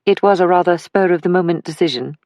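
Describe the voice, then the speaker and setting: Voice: medium pitch, quick pace, a little mellow, dry recording, studio quality, lightly acted. A narrator voicing a polite, composed young woman investigator in an audiobook. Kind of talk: audiobook character voice.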